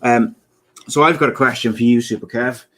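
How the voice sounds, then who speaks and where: A man's voice: mid-range voice, steady tone, normal speed, slight background noise. Man in his thirties cracking jokes. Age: 30s. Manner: jokey, laughs often at his own jokes. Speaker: podcast co-host. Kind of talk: casual chat.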